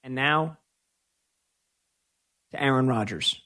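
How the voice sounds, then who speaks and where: A man hosting a call-in sports talk radio show, giving strong opinions with drawn-out emphasis on key words. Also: medium pitch, bright, forceful tone.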